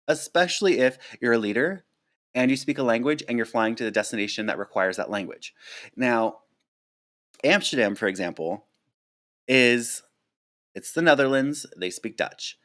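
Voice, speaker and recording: A man casually answering viewer questions on a live stream, chatty and animated, with lots of fillers and restarts, speaking close to a desk mic at home. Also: medium pitch. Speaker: flight attendant streamer.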